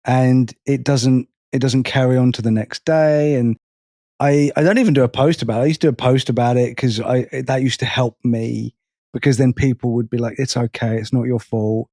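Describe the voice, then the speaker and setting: Blunt man, halting, swearing. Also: medium pitch, fairly even intonation, mellow, no room sound, clean studio sound. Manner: halting, repeats words, swears freely. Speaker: podcast co-host. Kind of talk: casual podcast chat.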